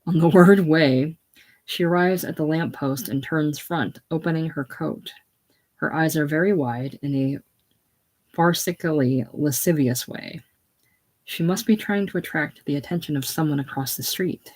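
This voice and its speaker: A reader reading the stage directions in a casual play reading, plain and unhurried. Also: mid-range voice, darkish tone, low-quality recording.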